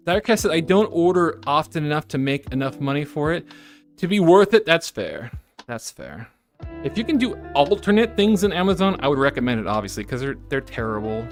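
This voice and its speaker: A woman streamer chatting casually on a live stream, reading chat messages aloud with frequent giggles and self-correcting asides. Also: deep voice. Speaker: VTuber streamer.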